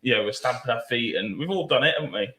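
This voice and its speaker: A man's voice: medium pitch, lively intonation, racing, sharp tone, reverberant. A man co-hosting a live charity podcast, joking and telling stories. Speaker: podcast co-host.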